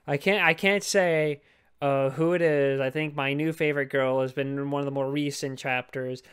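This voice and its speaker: A young man with a smooth, resonant voice that sits a little high for a man, co-hosting a podcast. He chats in a rambling, jokey way, swears casually and fills his talk with "like.". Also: fairly even intonation, normal speed. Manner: rambling, profane, jokey, full of fillers. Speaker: podcast co-host. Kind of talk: casual chat.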